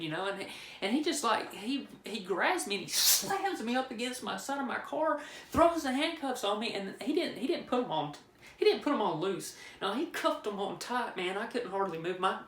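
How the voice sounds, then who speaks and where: A man's voice: high voice, fairly bright tone. Man, casual storytelling, rambling and joking, roomy echoey room. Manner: rambling, joking, with frequent restarts. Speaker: vlogger telling a personal story. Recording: roomy echo.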